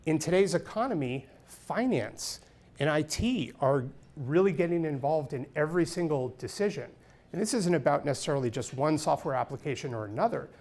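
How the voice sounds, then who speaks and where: A man's voice: fairly high pitch, animated, fairly quick, a little mellow. A man from California hosting a live panel discussion on a conference stage, speaking steadily with frequent ums and restarts. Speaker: panel moderator. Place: conference stage before an audience.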